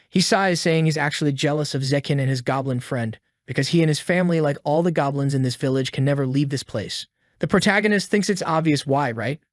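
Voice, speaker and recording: A man's voice: fairly high pitch, no room sound, studio quality. A man narrating a story recap in a casual, slangy storytelling manner.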